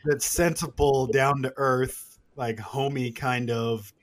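A podcast co-host in casual chat, animated, laughing and swearing freely. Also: medium pitch, slow pace.

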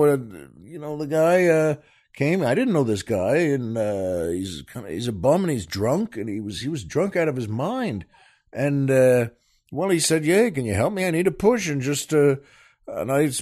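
An older man hosting a podcast, telling a long joke in a rambling, halting way with many restarts. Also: a little high, darkish tone. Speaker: podcast host.

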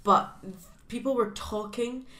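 A woman's voice: on the high side, fairly even intonation, takes it slowly, bright, forceful tone. A woman in her twenties, a podcast co-host telling a story in casual chat, laughing often. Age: 20s. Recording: echoey room.

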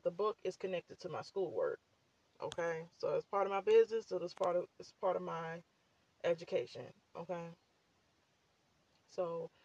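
A woman's voice: on the low side, dry recording, muffled recording. A woman hosting a casual talk show. Her voice is scratchy, she sounds slightly out of breath, and she talks to listeners in a loose, chatty way full of fillers. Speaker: podcast host and author. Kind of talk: casual chat.

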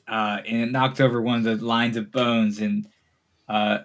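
A man's voice: fairly low pitch, little pitch movement, normal speed. A man serving as game master, narrating a tabletop game in a laid-back way, often chuckling at his players.

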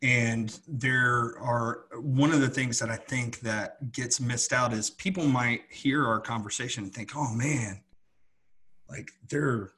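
Husky earnest man talking casually. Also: mid-range voice, fairly even intonation, unhurried, hardly any pauses, bright, forceful tone. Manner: earnest, reflective, many restarts. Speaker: podcast co-host. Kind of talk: casual conversation.

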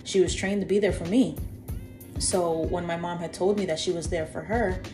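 A young woman co-hosting a podcast, telling a story in a lively, chatty way. Her voice sits on the low side for a woman, and she keeps turning to talk straight to her listeners. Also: moderate pace, over music. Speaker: podcast co-host. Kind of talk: casual storytelling.

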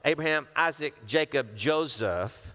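A man's voice: on the high side, measured pace. A man preaching, his voice carrying a long reverb tail from a large hall. He reads scripture aloud, then drops into casual, playful asides where he voices the characters himself. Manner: lively, acts out characters with casual modern asides. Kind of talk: sermon with Bible reading.

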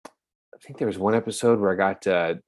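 Low-voiced young man chatting freely. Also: brisk, no room sound. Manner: relaxed, laughs often, acts out voices of others. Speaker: guest actor. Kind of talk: casual interview chat.

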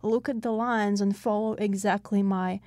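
A woman's voice: medium pitch, fairly even intonation, normal speed, warm tone, no room sound, studio quality. A woman co-host recounting her acting school habits with enthusiasm in a casual interview. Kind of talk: conversational podcast chat.

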